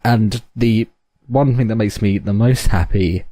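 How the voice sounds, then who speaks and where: A man co-hosts a casual gaming podcast with a deep, mellow tone and a dry, close sound. He talks in an easygoing way and giggles often. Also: unhurried, dry recording. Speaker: podcast co-host.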